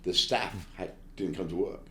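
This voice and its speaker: A man, a guest chef, telling brisk anecdotes with blunt asides in an interview. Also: low voice, sharp tone, roomy sound, a little hiss or hum. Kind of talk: storytelling interview.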